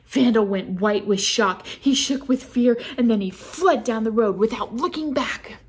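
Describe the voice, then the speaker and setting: A woman reading a children's storybook aloud in a playful, expressive way for a church kids' program. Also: a little high, a little slow. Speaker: children's ministry reader.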